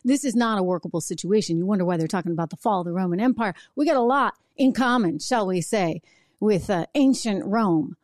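A woman hosting a political talk show, talking in a brisk, sarcastic, conversational way. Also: medium pitch, darkish tone, no echo, clean studio sound. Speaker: political commentary host. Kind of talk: opinionated solo talk show.

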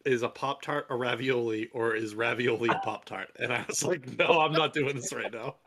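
A man's voice: mid-range voice, normal speed, a loud crowd. A man co-hosting a podcast in casual chat, jokey and telling stories with quoted asides.

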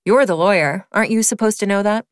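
A woman's voice: mid-range voice, fast, no room sound, clean studio sound, natural voice. A woman voicing a sassy female best friend with a Southern US accent and a teasing drawl.

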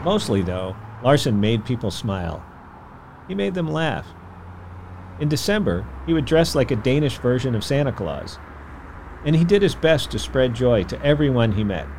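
A man hosting a podcast, telling a history story in scripted documentary narration with an expressive delivery. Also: medium pitch, normal speed, a little hiss or hum. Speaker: podcast host.

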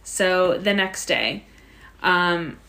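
A woman's voice: on the low side, lively intonation, very slow, gravelly, sharp tone. A woman co-hosting a podcast, casually recapping an episode and filling her talk with "like" and "so". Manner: chatty, narrating events with frequent "like" and "so". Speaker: podcast co-host.

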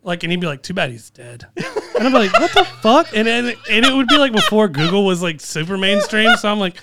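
A man's voice: high-pitched, big pitch swings, brisk, heavy background noise. A man chatting casually on a podcast, joking a lot and acting out quotes from stories he tells. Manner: joking, laughs often, acts out quotes. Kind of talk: casual chat.

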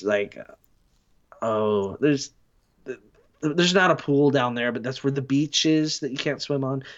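Man, podcast guest, rambling storyteller, self-deprecating, slightly dull lo-fi audio. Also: medium pitch. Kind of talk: casual podcast chat.

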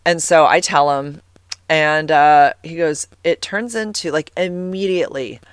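A woman's voice: sits low, unhurried, smooth, no echo. Chatty rambling woman vlogger, dry sound. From California. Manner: rambling, chatty, many fillers and "like"s. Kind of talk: casual personal storytelling.

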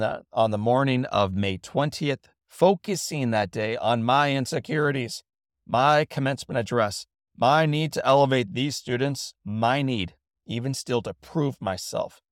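A middle-aged man hosting a reflective spoken essay, telling a story in an earnest, measured way and reading passages reverently into a studio microphone. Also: mid-range voice, no echo. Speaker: host and motivational speaker.

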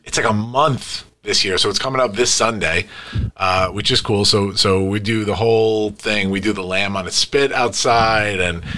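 A bright, forceful-sounding man in his thirties, chatting on a podcast mic. He tells family stories with energy, acting out the voices of his kids as he goes. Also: lowish voice, normal speed. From Greek heritage. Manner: animated storyteller, acts out quotes. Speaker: podcast co-host. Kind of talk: casual chat.

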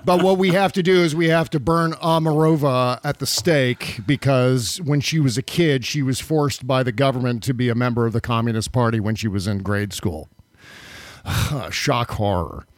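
A man's voice: medium pitch, normal speed, no room sound. A man hosting a political podcast, sarcastic and profane, on a close studio mic. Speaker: podcast host. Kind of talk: casual political commentary.

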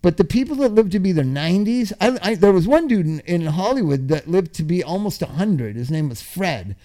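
An older man telling a long, funny story in a casual chat, swearing freely, laughing often and acting out his own yelling. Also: high voice, animated, fairly quick.

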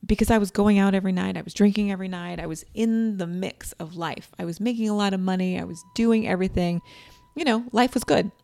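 A woman in her forties telling a personal story in a chatty, animated way, acting out quoted lines. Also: mid-range voice, quick pace, creaky, no echo. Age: 40s.

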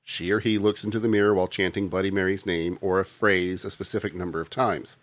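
A man's voice: sits low, steady tone, quick pace. A man hosting a casual podcast, reading notes aloud between jokes. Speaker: podcast host reading the lore.

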